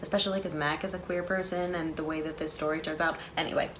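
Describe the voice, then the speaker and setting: A woman's voice: deep voice, steady tone, fast talker, noisy background. A woman narrating casual drama commentary, chatty and full of opinionated asides.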